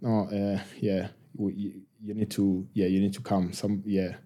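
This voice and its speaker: Low, dark-voiced man. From Argentina. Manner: halting, many restarts and fillers, relaxed. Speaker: guest, professional rugby player. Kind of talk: casual interview storytelling.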